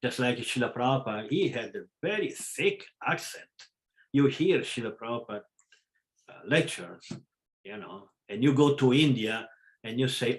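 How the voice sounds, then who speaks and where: A man with a non-native English accent gives a spiritual class over a video call, in a voice of ordinary mid pitch. He speaks haltingly, with fillers and self-corrections, then turns frank and emphatic and suddenly stresses words loudly. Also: animated, low-quality recording. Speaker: spiritual teacher. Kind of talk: live class lecture.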